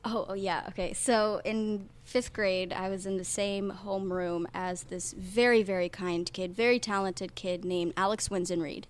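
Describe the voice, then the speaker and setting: Young woman, from Ohio, podcast guest, animated storyteller, middle pitch. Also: normal speed, few pauses. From Ohio, USA. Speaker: guest actor. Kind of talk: casual podcast chat.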